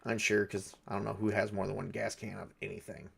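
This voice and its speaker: A man's voice: lowish voice, level tone, a little fast, gravelly, few pauses, a bit bright, breathy edge. A man narrating a solo tabletop game, thinking aloud with frequent hesitations and fillers. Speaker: game master and solo player.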